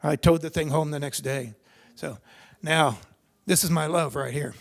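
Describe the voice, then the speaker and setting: A man's voice: fairly high pitch, moderate pace, vocal fry. Older man telling racing stories. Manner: rambling, conversational, many restarts. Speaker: seminar speaker, racer. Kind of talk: personal storytelling talk. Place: seminar hall.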